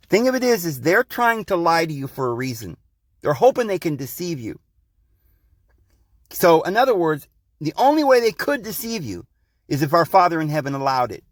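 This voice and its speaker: A man's voice: on the high side, dry recording, clean studio sound. A man hosting a podcast, delivering a rambling, insistent monologue to his listeners and calling them guys and friends. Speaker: podcast host. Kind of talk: preachy monologue.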